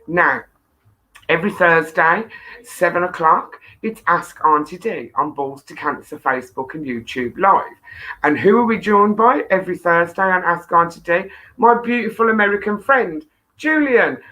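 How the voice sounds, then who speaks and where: A woman's voice: on the low side, expressive, normal speed, sharp tone, low-quality recording. A woman hosting a live-stream chat show, affectionate and teasing with her viewers. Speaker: host. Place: home studio.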